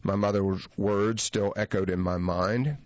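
A man reading a first-person memoir essay aloud in a measured, reflective audiobook narration. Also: lowish voice, fairly even intonation, dry recording, dull audio.

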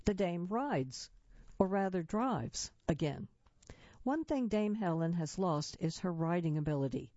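Woman reading articles out loud, lowish warm voice, steady and measured, kinda muffled dry recording. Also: dry recording. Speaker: reader of magazine articles.

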